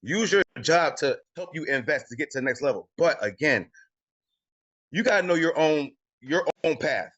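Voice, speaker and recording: A man's voice: fairly high pitch, lively intonation, normal speed, fairly bright tone, breathy edge, highs cut off. A man coaching a live group call, emphatic and repetitive, often tacking on "y'all". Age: adult with children. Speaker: credit coaching host. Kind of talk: motivational coaching talk on a live video call.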